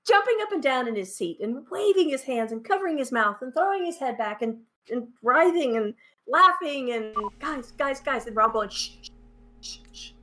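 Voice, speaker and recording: A woman chatting casually, retelling a story with lively acted-out quotes. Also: high voice, fairly quick, noisy background. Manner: lively retelling, acts out quoted whispers and shushing.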